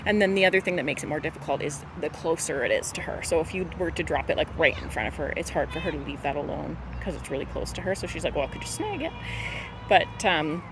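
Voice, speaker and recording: A woman dog trainer explaining a training exercise in a relaxed, chatty way, full of fillers. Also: low-pitched, quick pace, hardly any pauses. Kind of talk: casual instructional talk. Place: outdoors near traffic. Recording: noisy outdoor recording with traffic.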